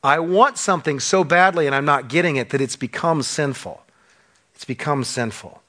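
A man preaching a sermon to a church congregation, impassioned, asking rhetorical questions and swinging between loud emphasis and hushed drops. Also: on the high side, normal speed. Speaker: pastor.

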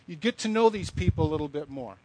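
A man's voice: fairly high pitch, animated, fast talker, darkish tone, a little hiss or hum, rough recording. A middle-aged man giving a sermon, telling stories in a conversational way with blunt asides. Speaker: speaker addressing young women. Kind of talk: sermon with storytelling.

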